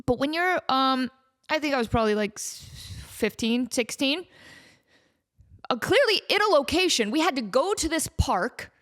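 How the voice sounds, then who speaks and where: Animated, self-mocking woman podcast host. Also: high-pitched, normal speed. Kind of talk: casual chat.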